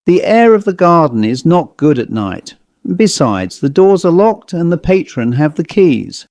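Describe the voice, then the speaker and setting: A man's voice: on the high side, big pitch swings, a little slow, a little mellow, no room sound, clean studio sound, pitched above the performer's own voice. A man voicing a grave, insistent head waiter with a French accent. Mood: stern.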